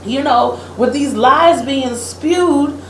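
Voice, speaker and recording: A woman's voice: high voice, slow pace. A woman co-hosting a casual political chat, telling a story and acting out what others said, laughing often. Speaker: podcast co-host. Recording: echoey room with faint ambient hiss.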